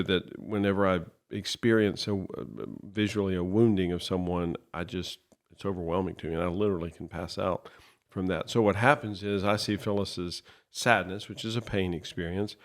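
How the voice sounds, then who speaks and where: Guy with a really low voice on a podcast, talks it through slow and thoughtful. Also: fairly even intonation. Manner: thoughtful, explanatory, measured. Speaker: podcast co-host. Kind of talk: reflective podcast conversation.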